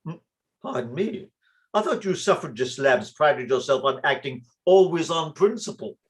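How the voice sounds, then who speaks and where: A man's voice: a little high, expressive, moderate pace, close to an everyday voice. A man reading a pompous, courteous middle-aged lord in a play reading.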